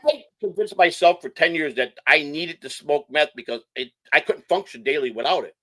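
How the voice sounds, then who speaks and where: A middle-aged man from Chicago telling hyper, rapid stories in casual chat, swearing freely. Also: a little high, animated, sharp tone, no echo. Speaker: guest.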